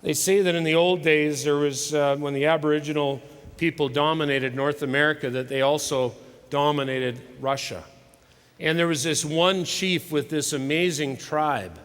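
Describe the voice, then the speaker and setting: A middle-aged man preaches to a conference crowd, with a slightly high voice. He tells stories dramatically, swinging between loud and hushed. The live recording carries the long reverb of a big hall. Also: steady tone, moderate pace, clean tone. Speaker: conference speaker. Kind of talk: motivational sermon with storytelling. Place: large hall with live audience.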